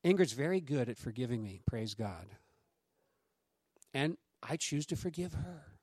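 Speaking unhurriedly in a mid-range voice with a breathy edge, a middle-aged man delivers a sermon as pastor, chatting with the congregation through anecdotes. He brings quoted voices to life in animated, raised tones, and the recording is dry.

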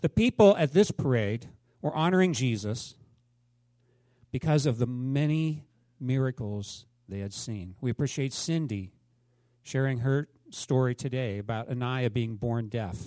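A man's voice: medium pitch, unhurried, warm tone, no echo. A man preaching a sermon to his congregation in a conversational way, often asking them questions. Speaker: pastor.

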